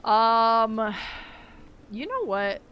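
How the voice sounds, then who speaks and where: A woman's voice: a little high, very animated, extremely slow, smooth, lo-fi sound. Chatty, giggly woman streamer. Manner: chatty and rambling, laughs easily. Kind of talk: casual gaming livestream chat.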